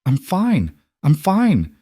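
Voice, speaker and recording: A man's voice: mid-range voice, very animated, measured pace, darkish tone, breathy edge, no room sound, voice pushed up. A man voicing a young frontier bride, frightened but determined, with urgent, breathless pleading in a dry, close recording. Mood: shaken.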